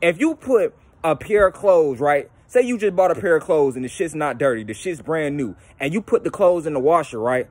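A young man delivering a loose, profane monologue, animated and quick to slip into mocking impressions. His voice sits a bit high for a man. The sound is close and dry, with no room echo. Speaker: YouTube channel host. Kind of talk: casual spiritual monologue.

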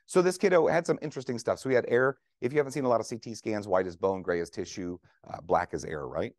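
Speaking fast in a low, slightly mellow voice, a man who is a veteran trauma nurse lectures clinicians at a conference. The dry, studio-quality recording captures his conversational, jokey style and frequent questions to the audience.

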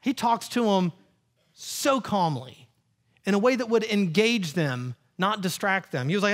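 A man in his thirties, a pastor preaching a lively sermon and acting out quotes in playful voices. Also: high-pitched, measured pace. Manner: animated, acts out quotes in funny voices. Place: church sanctuary.

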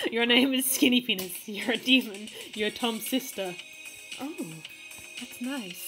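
A woman reads fanfiction aloud in a loose, playful way and keeps dissolving into giggles. Her voice sits a little high. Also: takes it slowly, sharp tone, soft background music, rough recording. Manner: giggly, playful, often breaks into laughter. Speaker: fanfiction reader. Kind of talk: reading fanfiction aloud, casual.

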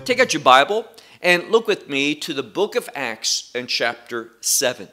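A man teaching a Bible study lesson, speaking deliberately with emphatic pauses. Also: medium pitch, big pitch swings, sharp tone, faint music behind.

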